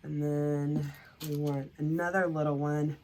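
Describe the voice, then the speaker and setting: A woman's voice: deep voice, level tone, unhurried, dark tone. Chatty woman crafting and thinking aloud. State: sniffling. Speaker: craft vlogger. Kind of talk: casual DIY commentary.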